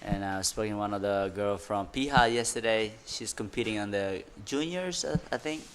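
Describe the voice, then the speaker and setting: A man's voice: lowish voice, normal speed, a little hiss or hum. A male surf commentator calls the heat live with easy enthusiasm, letting out little exclamations as riders carve. His phrasing is loose and conversational, drifting into chatty asides between waves.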